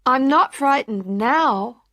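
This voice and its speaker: A woman voicing a nervous, eager young girl in a story, speaking high and bright. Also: animated, slow pace, dry recording, clean studio sound, full character voice. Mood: earnest.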